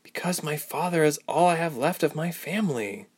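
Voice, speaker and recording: A nervous, earnest young woman, fretful and quick to worry, her voice raised high above a man's as a male narrator plays her. She often drops to a hushed, tense tone. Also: animated, slightly rough. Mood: worried. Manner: worried, fretful.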